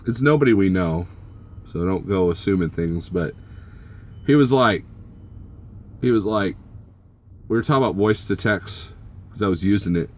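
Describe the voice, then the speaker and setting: A man's voice: sits low, expressive, normal speed, long pauses. A man vlogging as a truck driver, casually chatting and joking with his live-stream viewers and teasing them by name.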